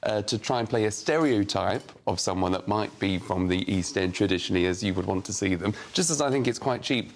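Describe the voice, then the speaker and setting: A man on a talk show panel, giving a measured, mildly critical opinion. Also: fairly low pitch, a little hiss or hum. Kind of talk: panel discussion.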